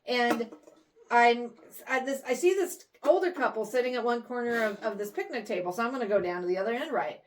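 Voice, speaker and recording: Woman from the St. Louis area, podcast co-host, animated storyteller, voice on the higher side. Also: a little fast, a little hiss or hum. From St. Louis area, Missouri. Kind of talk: casual chat, anecdote telling.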